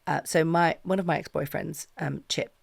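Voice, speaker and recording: A woman's voice: low voice, steady tone, moderate pace, creaky, breathy edge, no echo. A middle-aged woman, a podcast guest, telling candid stories in casual chat, swearing freely and acting out the dialogue.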